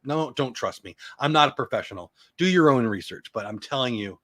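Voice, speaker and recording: A man's voice: mid-range voice, expressive, brisk, a bit bright, dry recording. A middle-aged man hosting a casual morning news show, rambling through long lists and joking about his own pronunciation. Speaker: show host.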